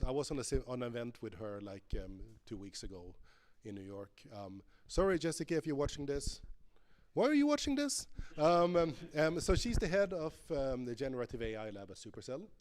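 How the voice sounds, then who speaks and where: A man's voice: mid-range voice, expressive, a little fast, a little mellow, slight background noise. A man speaking at a conference, demoing a game live, playful and thinking aloud with many fillers.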